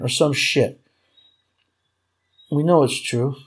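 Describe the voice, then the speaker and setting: Gravelly-voiced man ranting furiously. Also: medium pitch, steady tone, a little slow, mellow. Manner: furious, profane, repetitive ranting. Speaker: vlogger. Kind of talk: angry political rant to camera.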